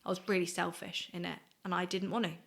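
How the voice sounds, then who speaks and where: A woman, sharing a personal faith testimony in an earnest, reflective, halting way. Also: fairly low pitch, level tone, vocal fry, a bit bright. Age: 20s. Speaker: guest sharing her faith story.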